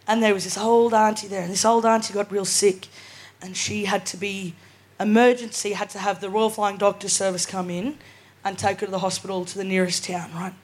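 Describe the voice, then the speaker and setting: A woman's voice: medium pitch, level tone, brisk. A woman in her twenties with an Australian accent doing a live stand-up set, casual and cheeky, often tagging lines with "right?". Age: 20s. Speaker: stand-up comedian. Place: live comedy venue.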